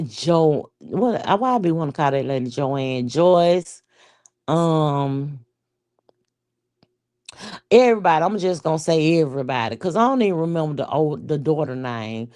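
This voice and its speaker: Woman, mellow low voice, casual rambling commentary, blunt and profane. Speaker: show commentator. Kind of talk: casual reaction chat.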